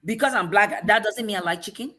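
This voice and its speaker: A woman's voice: medium pitch, brisk, fairly bright tone. A woman from Africa with an African accent, hosting a casual talk-show discussion and making emphatic points with pointed rhetorical questions.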